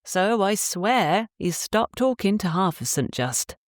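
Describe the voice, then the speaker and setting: A woman's voice: mid-range voice, sing-song, slow, dry recording, studio quality, voice pushed up. A woman voicing a cheerful, affectionate young Cornish wife in an audiobook, speaking in a lilting dialect. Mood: fond.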